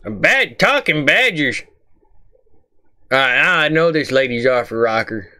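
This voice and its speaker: A man's voice: mid-range voice, very animated, measured pace, bright, forceful tone. A man hosting a comic reaction video, grumbling in a folksy, rambling way.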